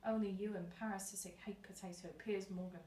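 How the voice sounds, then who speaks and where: A woman playing a murderous mother in a stage comedy sketch, speaking calmly and matter-of-factly about terrible things. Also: medium pitch, fast, natural voice. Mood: deadpan. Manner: calm, matter-of-fact about dark things. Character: murderous deadpan mother, middle-aged woman. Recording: echoey stage from a distance.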